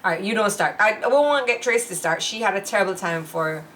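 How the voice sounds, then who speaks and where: A woman with a Jamaican accent chatting casually as a podcast co-host, telling stories in an animated way and acting out other people's voices. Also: medium pitch, a little fast, a little hiss or hum. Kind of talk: casual chat.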